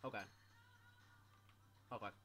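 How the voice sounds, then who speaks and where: A man commentating his own gameplay casually, swearing a lot and yelling in sudden bursts. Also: slow, soft background music. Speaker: gameplay streamer.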